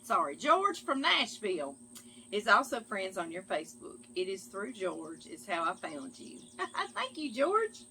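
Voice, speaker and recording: A middle-aged woman with a bright, forward voice. She chats casually and affectionately as she reads mail from viewers, drawing out her words. Faint ambient noise sits behind her. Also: medium pitch, big pitch swings, unhurried. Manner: chatty and affectionate, often calls listeners "girl" and "y'all". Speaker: cooking channel host.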